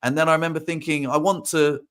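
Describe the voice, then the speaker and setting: A man's voice: on the high side, level tone, quick pace, a bit bright. A young adult man telling a story in casual chat, rambling with restarts and acting out quotes. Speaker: podcast host.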